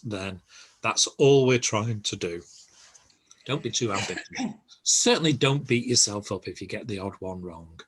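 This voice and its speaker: An older man giving a relaxed, reassuring language lesson, pausing often with ums and uhs. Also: lowish voice, slightly rough. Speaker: Spanish teacher.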